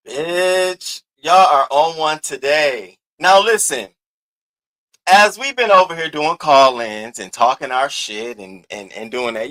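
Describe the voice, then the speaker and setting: A man's voice: mid-range voice, bright, forceful tone. A man hosting a live stream, ranting and taunting a rival with profane trash talk. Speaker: host. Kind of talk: roast-style live rant.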